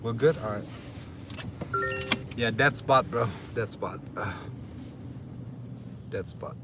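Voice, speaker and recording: Drowsy after a nap, a livestreamer with a fairly low voice chats slowly and casually over heavy background noise. He's laid-back, laughs often, and swears casually.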